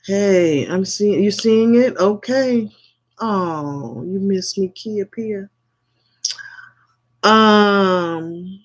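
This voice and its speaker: A man with a high voice hosts a spiritual livestream from his phone. He talks at an unhurried pace, repeating affirmations again and again. He greets his viewers with open affection. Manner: slow, repetitive chanting of affirmations, affectionate toward viewers. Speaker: livestream host.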